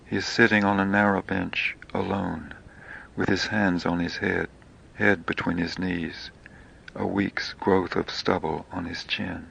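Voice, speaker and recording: A man reading his own poetic memoir in slow, hushed, half-whispered phrases. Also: low voice, flat delivery, gravelly, lo-fi sound, slight background noise.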